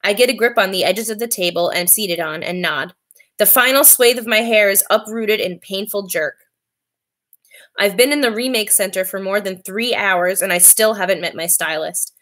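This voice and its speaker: A woman reading a novel aloud in a steady, clear voice. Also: mid-range voice, normal speed. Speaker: reader.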